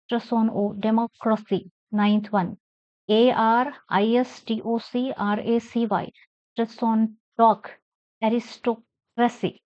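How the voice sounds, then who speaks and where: A woman's voice: fairly high pitch, little pitch movement, slow, a little mellow, clean tone, dry recording, dull audio. A woman teaching an English lesson, spelling words letter by letter and stressing syllables as she reads aloud.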